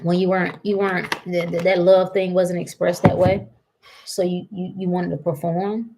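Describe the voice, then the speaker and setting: A woman giving a casual spiritual pep talk, animated and teasing, laughing often and firing rhetorical questions. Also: on the low side, moderate pace, a little hiss or hum.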